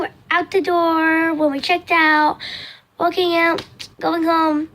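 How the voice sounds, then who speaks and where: A teenage girl telling a storytime vlog casually, rambling with lots of fillers and acting out her own cries. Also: high voice. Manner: rambling, lots of "like" and "next thing you know"; acts out her own cries and quoted lines. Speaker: vlogger.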